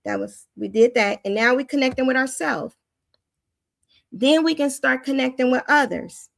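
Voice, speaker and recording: A woman with a fairly high voice teaches in a loose, conversational way, plain-spoken and animated. The sound is dry and close, with no room around it. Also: moderate pace, vocal fry, no echo. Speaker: Christian teacher and host.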